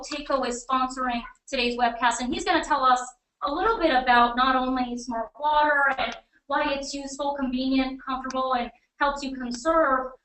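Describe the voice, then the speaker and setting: A woman's voice: high-pitched, fairly bright tone. A woman with a New England accent hosting a webcast in a conversational, upbeat way. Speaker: webcast host and editor. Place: office or studio room beside a colleague. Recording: echoey room, mic at a distance.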